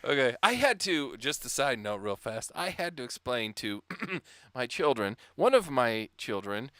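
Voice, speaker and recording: A middle-aged man co-hosting a podcast who tells stories in an animated way, acting out what his family said. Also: medium pitch, unhurried, no room sound. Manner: animated storyteller, acts out family dialogue. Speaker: podcast co-host. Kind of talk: casual podcast chat.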